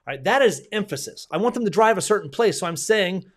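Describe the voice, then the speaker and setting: A man's voice: sits high, lively intonation, fairly quick. A male basketball coach giving a clinic lecture in a conversational way, repeating himself and restarting sentences often.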